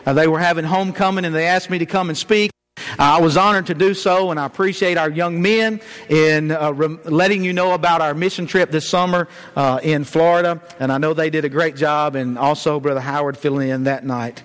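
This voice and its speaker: A man's voice: a little high, fairly even intonation, fairly quick, a bit bright, clear, resonant tone. A man from Georgia, preaching a sermon in a folksy, storytelling way, with many "uh" fillers. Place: church sanctuary. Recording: long church reverb.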